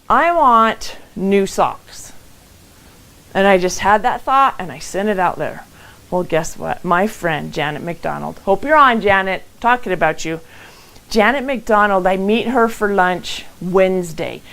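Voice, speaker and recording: A middle-aged woman giving a motivational talk from her own home and telling stories with lively acted quotes. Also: medium pitch, moderate pace, poor audio. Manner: animated storytelling with acted quotes. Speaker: motivational speaker hosting a live event. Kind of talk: live-streamed motivational talk.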